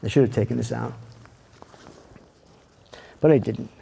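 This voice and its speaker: A man giving a lecture as a therapist, telling a clinical case in a reflective, halting way with soft restarts. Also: medium pitch, gravelly, a little hiss or hum.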